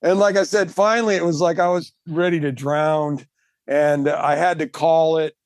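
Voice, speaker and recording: A man, a marathon swimmer and guest, telling his story in casual chat, animated and emphatic, laughing often. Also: on the high side, normal speed, clear, resonant tone, no echo.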